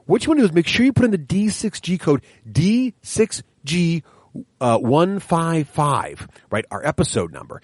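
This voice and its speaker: Guy chatting on a board game podcast, bouncy lively pitch, pretty high voice, dry close mic. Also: normal speed, no echo. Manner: energetic, playful, lots of laughs and fillers. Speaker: podcast co-host.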